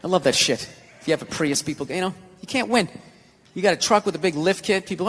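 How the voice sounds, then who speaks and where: An American man doing a stand-up routine, ranting and breaking into shouted outbursts. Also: high-pitched, fast talker. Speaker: stand-up comedian. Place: theater stage. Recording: live venue reverb.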